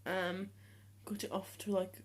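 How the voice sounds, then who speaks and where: Hesitant and casual, a seventeen-year-old vlogger addresses the camera with lots of ums and restarted sentences. He speaks in a level tone, in a voice he has deliberately trained deeper.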